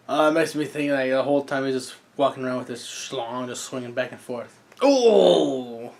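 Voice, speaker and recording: A reaction video host giving casual, joking commentary while watching an anime episode, thinking aloud with fillers and asides. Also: medium pitch.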